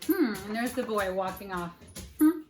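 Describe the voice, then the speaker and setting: A woman, a preschool teacher, reading a children's picture book aloud in a playful, animated way and asking the listeners questions. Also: mid-range voice, normal speed. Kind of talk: children's storybook read-aloud. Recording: faint background noise. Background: dog barking now and then.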